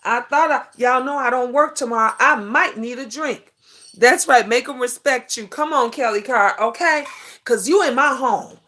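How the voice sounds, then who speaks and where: A woman's voice: a little high, normal speed. A woman hosts a casual livestream chat. She talks in a sassy, preachy way, calling her viewers honey and boo. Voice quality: lively, sing-song greetings. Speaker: livestream talk show host.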